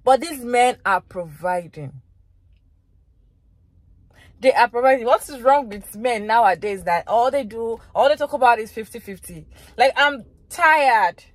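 A woman's voice: fairly high pitch, animated, a little slow, dry recording. A woman vlogger giving reaction commentary in an emphatic way, repeating phrases for effect.

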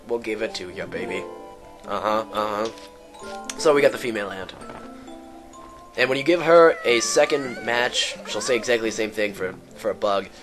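A man giving rambling, sarcastic commentary while playing a video game. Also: medium pitch. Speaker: let's player. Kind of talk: joking gameplay commentary.

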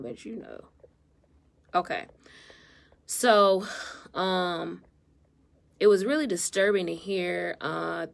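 A woman's voice: on the low side, creaky. A married mother and therapist, talking earnestly and with feeling in a casual live stream from her phone. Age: adult, married mother. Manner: earnest, heartfelt, emotional. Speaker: therapist and vlogger.

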